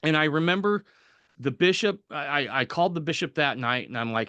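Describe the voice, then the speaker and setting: A man's voice: on the high side, expressive, fairly quick, pushed and bright, dry recording, dull audio. A man guest on a podcast telling a personal story, animatedly acting out the voices of people he quotes and chuckling at the funny parts.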